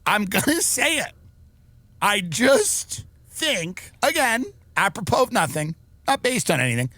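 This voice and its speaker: Animated, sarcastic male podcast comedian. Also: high voice, measured pace, noisy background. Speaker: podcast host.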